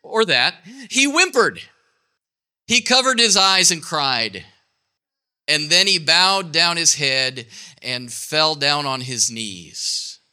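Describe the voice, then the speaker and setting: A man's voice: fairly high pitch, lively intonation, takes it slowly, sharp tone, clear, resonant tone. Playful man telling a Bible story. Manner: playful, ad-libbing, self-correcting. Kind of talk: live Bible story telling with volunteers acting.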